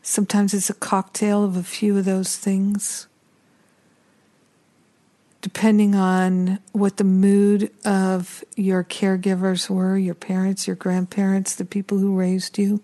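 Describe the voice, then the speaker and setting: A woman hosting a spiritual talk show, speaking gently and repetitively, with some passages like a prayer. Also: mid-range voice, monotone, takes it slowly. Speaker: spiritual teacher and podcast host.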